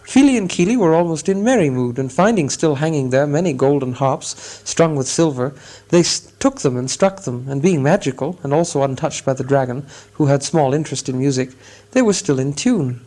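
A man narrating a storybook in a measured, expressive reading style. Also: on the high side. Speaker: audiobook narrator.

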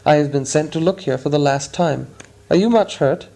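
A man voicing a steady, formal soldier. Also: a little high, normal speed, gravelly. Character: stern male soldier, plain and steady. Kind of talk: audiobook character voice.

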